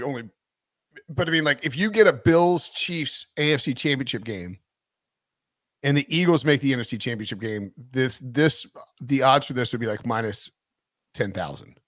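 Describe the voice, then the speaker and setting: A man's voice: medium pitch, lively intonation, moderate pace, fairly bright tone, no room sound, studio quality. A man hosting a casual sports podcast, thinking aloud in a jokey, rambling way. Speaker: podcast host.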